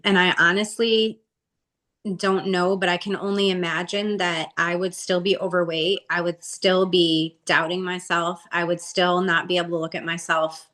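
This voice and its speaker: A woman's voice: on the low side, fairly even intonation, normal speed, fairly bright tone. A woman guest candidly telling her personal story in a chatty way, with lots of "like" in her speech. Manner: chatty, heavy use of "like".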